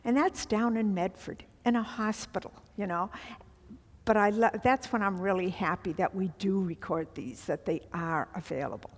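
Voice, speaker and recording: A woman's voice: mid-range voice, normal speed, in a large hall. A middle-aged woman leading a women's Bible study, teaching earnestly with emphatic asides to the group.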